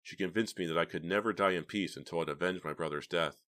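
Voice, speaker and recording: A man's voice: sits low, fast, fairly bright tone. A man reading an audiobook, voicing an ill, guilty older uncle who pleads and breaks down. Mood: pleading.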